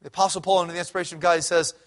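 A middle-aged man preaching a sermon as a pastor, swinging from loud emphatic peaks to low quiet passages. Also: level tone, racing.

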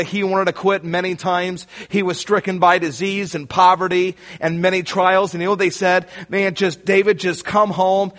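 Emphatic preaching man, fairly high voice. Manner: emphatic, rising to shouts on key lines; addresses listeners directly. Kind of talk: sermon.

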